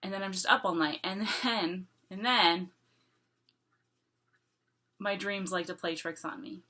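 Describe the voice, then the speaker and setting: A woman's voice: medium pitch, measured pace, bright, forceful tone. A woman vlogger talking casually to camera, rambling and repeating herself, with lots of "like" and small laughs between thoughts.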